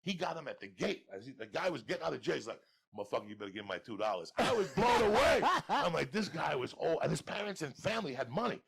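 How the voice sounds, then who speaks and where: Gravelly, fast-talking storytelling man. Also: fairly high pitch, big pitch swings. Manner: loud, laughing, swings between shouting and muttering. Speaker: podcast guest storyteller. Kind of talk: profane comedic storytelling.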